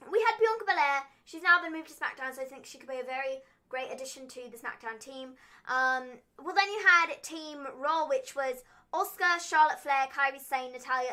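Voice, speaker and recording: A woman's voice: sits high, normal speed, pushed and bright. A young woman hosting a wrestling recap livestream, chatting casually and teasingly, with frequent "um" and "like".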